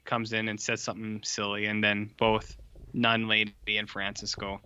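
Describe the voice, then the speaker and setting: Bright-voiced man on a dull, dry recording. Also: on the low side, monotone, moderate pace, clean tone. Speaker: podcast co-host. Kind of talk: casual film-review chat.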